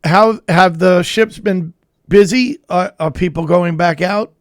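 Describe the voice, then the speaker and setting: A man's voice: high-pitched, measured pace, no echo, studio quality. A man co-hosting a comedy talk show, telling stories in a laughing, casual way. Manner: laughing storyteller. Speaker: podcast co-host.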